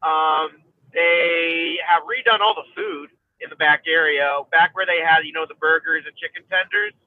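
A man with a higher voice talks in a rambling way, full of pauses and fillers, hiccuping as he goes. His voice comes over a tinny, phone-like line with a dry, close sound. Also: no echo. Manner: rambling, many fillers and restarts. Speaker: guest. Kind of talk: casual chat.

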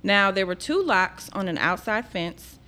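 A woman's voice: medium pitch, animated, measured pace, bright, forceful tone. A woman podcast co-host from Memphis with a Southern accent, telling a case in a casual, friendly way and laughing easily. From Memphis, Tennessee. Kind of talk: casual chat and case narration.

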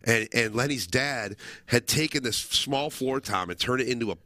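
A man's voice: mid-range voice, moderate pace, sharp tone, dry recording, clean studio sound. A man co-hosting a casual talk show, telling loose, rambling stories and swearing casually. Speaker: co-host. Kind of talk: casual chat.

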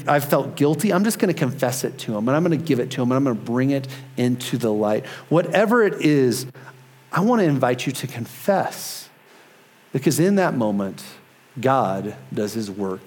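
An earnest male pastor in his thirties delivering a sermon. His voice sits a touch high for a man, and he presses his points with emphatic conviction before easing into quiet prayer. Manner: earnest, emphatic preaching that drops to soft prayer.

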